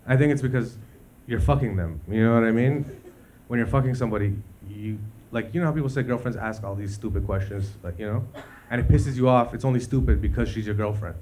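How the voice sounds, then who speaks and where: A man's voice: lowish voice, fast talker, a little mellow, slight background noise. A man from Canada performing a stand-up comedy set, loose and conversational, leaning on "you know" between lines. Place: comedy club stage. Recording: live club recording with crowd. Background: audience laughter.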